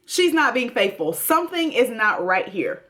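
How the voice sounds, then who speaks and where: A woman's voice: on the high side, sing-song, normal speed, fairly bright tone. A woman hosting a TV recap, talking in a blunt, emphatic way straight to her viewers. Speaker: TV recap host. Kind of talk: casual commentary.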